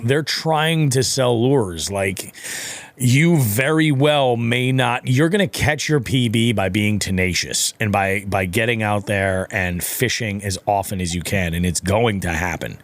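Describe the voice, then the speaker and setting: A man's voice: on the low side, measured pace. A man co-hosting a podcast, giving blunt, profane opinions in casual talk. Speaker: podcast co-host. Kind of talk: casual chat.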